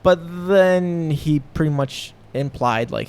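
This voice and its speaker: Speaking at a normal speed in a mid-range voice, this young man is a professional MMA fighter guesting on a podcast. His casual talk wanders, full of fillers and restarts.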